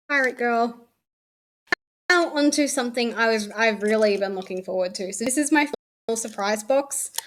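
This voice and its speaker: A woman's voice: a little high, a little hiss or hum. A young Australian woman chatting casually as she unboxes souvenirs, swearing offhand and trailing off mid-sentence. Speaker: streamer. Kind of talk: casual chat while unboxing.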